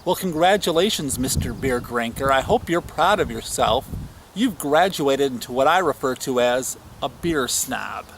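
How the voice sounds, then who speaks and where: A man's voice: mid-range voice, expressive, normal speed, a little hiss or hum. Wry man hosting a comedic rant. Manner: wry, mock-scolding. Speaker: show host. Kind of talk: sardonic comedic monologue.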